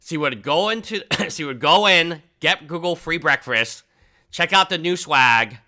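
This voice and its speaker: Bright-voiced man rambling on a livestream. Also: unhurried. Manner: rambling, animated, mocks people in high voices. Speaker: livestream host. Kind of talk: casual livestream chat.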